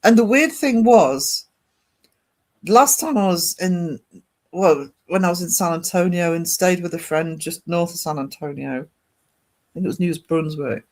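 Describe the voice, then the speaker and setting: A man's voice: high voice, lively intonation, a little slow. A man, hosting a casual art livestream and chatting rambly with viewers.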